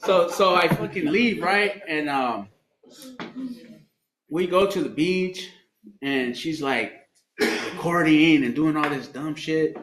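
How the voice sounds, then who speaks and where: A man with a fairly high pitch speaks slowly, leaving long pauses, while he candidly recounts his story at a recovery meeting with swearing and laughter. Faint noise and echo fill the meeting room.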